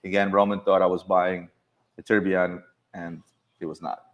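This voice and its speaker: Brief: a man hosting an office chat, low-pitched, animated storyteller who restarts his sentences. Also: moderate pace. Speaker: show host. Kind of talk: casual chat among coworkers.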